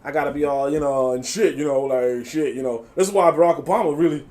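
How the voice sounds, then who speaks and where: A man with a slightly high voice talks fast while hosting a live reaction stream. He reads chat comments aloud and mocks them, animated, swearing freely and laughing often.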